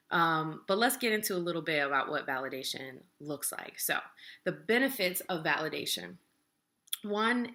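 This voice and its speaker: A young adult woman with a low-pitched voice that still has a bright, forceful edge. She explains a relationship topic in a calm, plain-spoken way, like a casual lesson to the camera. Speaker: relationship educator.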